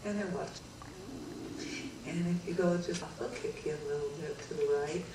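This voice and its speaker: A woman addresses a live audience in an inspirational talk, slow and heartfelt with a teasing streak. She sounds far from the microphone in a large hall full of echo. A steady hum of room noise sits behind her voice. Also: fairly low pitch. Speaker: guest speaker.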